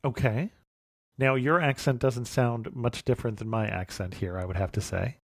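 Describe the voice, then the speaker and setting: A man's voice: mid-range voice, normal speed, vocal fry, no echo, clean studio sound. Chatty American man hosting a podcast. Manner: relaxed, chuckles often, brief affirmations. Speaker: podcast host. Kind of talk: conversational interview.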